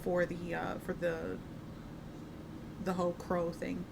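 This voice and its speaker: Rich: A woman running a tabletop game as its game master, talking slowly and haltingly. She pauses on fillers as she works out the details. Her mic carries a clear background hiss. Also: on the low side, monotone. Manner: hesitant, halting narration with fillers.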